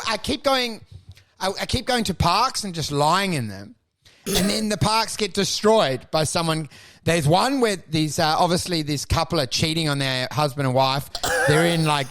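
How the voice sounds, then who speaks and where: A man co-hosting a podcast who tells absurd comic stories in an animated, sweary way, jumping into acted voices. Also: on the high side, moderate pace. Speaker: podcast co-host.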